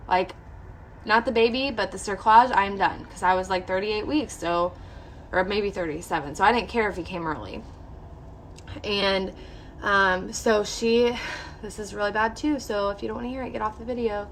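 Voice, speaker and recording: A woman's voice: medium pitch, normal speed, fairly bright tone, slight background noise. Candid young woman telling a story. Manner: candid, emotional, heavy use of "like". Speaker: vlogger. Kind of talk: personal storytelling to camera.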